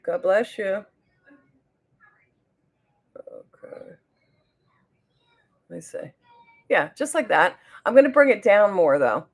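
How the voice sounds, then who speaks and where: A woman's voice: medium pitch, big pitch swings, slow pace, long pauses. A woman with a New Jersey accent hosting a casual makeup livestream. She chats with viewers and reads their comments aloud, often trailing off mid-sentence while she works on her makeup. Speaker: beauty livestream host.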